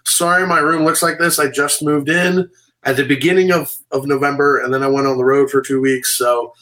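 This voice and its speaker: A man, a comedian guest, telling animated stories on a video call from his room, full of "you know" and "like". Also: mid-range voice, brisk, rough recording. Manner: animated, filler-heavy storytelling. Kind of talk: casual storytelling on a video call. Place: home room.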